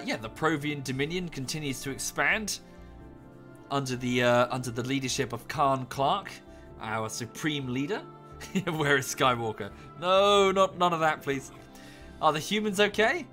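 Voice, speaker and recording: A man's voice: a little high, expressive, a little slow, pushed and bright, soft background music. Man chatting through a live game stream. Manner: chatty and rambling, with offhand asides. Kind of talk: casual live-stream commentary.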